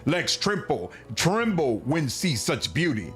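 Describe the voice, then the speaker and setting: A man voicing a small male mite courtier who flatters his queen in flowery, broken speech. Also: a little high, takes it slowly, soft background music, exaggerated voice. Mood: fawning.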